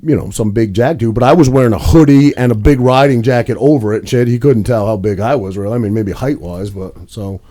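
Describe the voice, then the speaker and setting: A man's voice: mid-range voice, brisk, few pauses, mellow. A young man co-hosting a podcast, telling a rambling story in casual chat with plenty of swearing. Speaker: podcast co-host.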